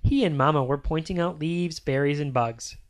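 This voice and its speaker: A reader narrating a children's story aloud in an expressive, sing-song way. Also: mid-range voice, moderate pace.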